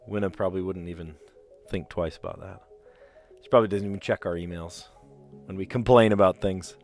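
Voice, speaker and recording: A man with a somewhat low voice and a light New Jersey accent hosts a casual live stream as he works through word puzzles. He rambles in a chatty, easygoing way and laughs often, with faint music in the background. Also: fairly even intonation, brisk, a little mellow.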